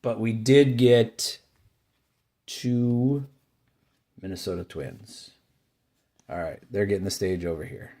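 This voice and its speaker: A man's voice: lowish voice, fairly even intonation, takes it slowly, long pauses, mellow. A man hosting his own card-collecting video, giving casual running commentary as he opens packs and names each card, grumbling and cheering by turns. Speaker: card collecting channel host.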